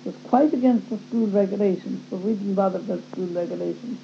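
A woman's voice: medium pitch, quick pace, creaky. A woman telling a personal story in a plain, wry way, recorded on a dull lo-fi tape with a faint hum. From Ireland. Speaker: speaker giving testimony.

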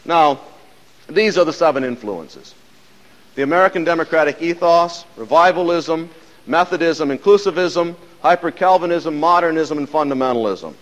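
A man giving a measured, emphatic lecture on church history, dropping his voice at the ends of phrases. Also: a little high, long reverb tail, poor audio.

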